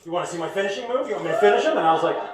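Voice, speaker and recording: A man with a very high voice telling a rowdy stand-up story on a club stage. He gets animated and shouts his punchlines over the crowd's laughter. His voice rings out with heavy room echo. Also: very fast. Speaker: stand-up comedian. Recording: echoey comedy club from the stage.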